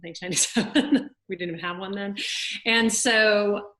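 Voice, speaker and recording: A woman in her forties from Louisiana with a Southern accent, telling a lively story as a guest on a video call, laughing often. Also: mid-range voice, moderate pace, rough recording. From Louisiana, USA. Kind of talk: storytelling in an interview.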